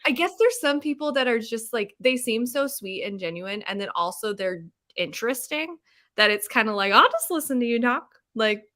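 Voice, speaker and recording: A young woman hosting a podcast, chatting in a bubbly, animated way and laughing often. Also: a little high, normal speed. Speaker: podcast host. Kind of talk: casual chat.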